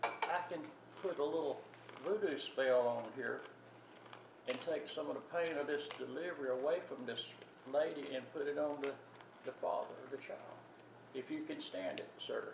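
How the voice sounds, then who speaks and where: An older man with a Southern drawl voicing a polite, coaxing male voodoo doctor at a childbirth, recorded far off with echo and loud background noise. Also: on the high side, normal speed, gravelly. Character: smooth-talking male voodoo doctor delivering a baby.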